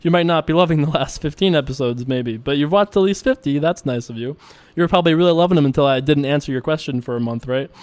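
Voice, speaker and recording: Quick and on the high side with a darkish tone, a young man comments casually as he plays online poker for his show. He's chatty and jokes at his own expense.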